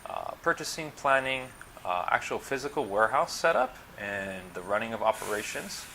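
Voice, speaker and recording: A man's voice: medium pitch, very animated, moderate pace, gravelly, pushed and bright, slight background noise, rough recording. A man from the United States, a supply chain consultant hosting his own channel, talking casually to camera and explaining things patiently step by step.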